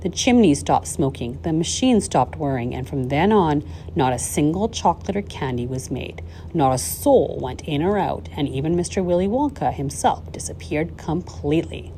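A woman reading a children's novel aloud, expressive, with the odd slip and restart. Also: deep voice, moderate pace, a little hiss or hum. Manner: lively expressive storytelling with small slips. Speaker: audiobook reader.

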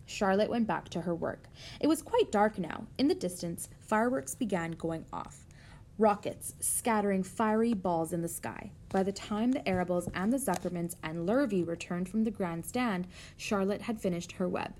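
A woman reading a children's novel aloud in a steady, gentle way. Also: medium pitch, moderate pace. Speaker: narrator.

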